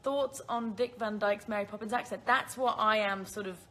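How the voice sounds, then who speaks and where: A woman's voice: mid-range voice, moderate pace, fairly bright tone. A woman in her twenties with a British accent, chatting casually on a phone livestream, answering viewer questions and laughing often at herself. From Isle of Man.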